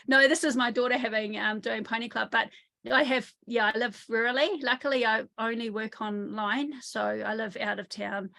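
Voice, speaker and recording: Lady therapist on a video call, kinda high voice, tells stories lively n acts out the quotes. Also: normal speed, gravelly. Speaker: trauma therapist. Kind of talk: online summit interview. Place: home in the countryside.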